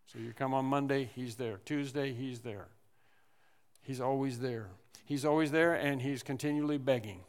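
A man preaching a sermon, animated, repeating phrases and acting out the people in the story. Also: mid-range voice, normal speed. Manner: animated preaching with repetitions and acted-out quotes. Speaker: pastor. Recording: long hall reverb.

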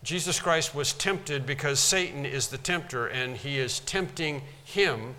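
A man with a slightly high, sharp voice preaches a little slowly, teaching from a Bible passage. He repeats himself emphatically for stress, and long hall reverb surrounds his words.

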